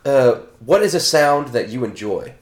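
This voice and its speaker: A man hosting a podcast, briskly reading out quick prompts in casual chat. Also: medium pitch, lively intonation, reverberant. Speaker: podcast host.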